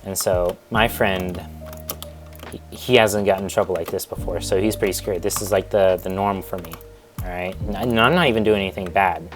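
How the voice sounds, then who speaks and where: Low-voiced young man rambling a storytime. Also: fairly even intonation, a little fast, soft background music. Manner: rambling, digressive, self-interrupting. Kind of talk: casual storytime vlog.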